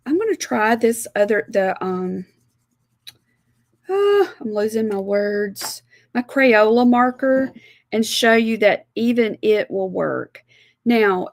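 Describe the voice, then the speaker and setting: A woman's voice: mid-range voice, vocal fry, dry recording, clean studio sound. A woman from South Alabama with a Southern American accent, chattily walking viewers step by step through a live watercolor demonstration. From South Alabama, USA. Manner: chatty, homey, explains step by step. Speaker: art instructor.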